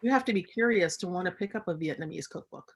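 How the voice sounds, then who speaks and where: A woman's voice: on the low side, expressive, quick pace, slightly rough. A woman speaking as a guest on a radio chat, enthusiastic and upbeat, with food metaphors. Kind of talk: casual radio conversation.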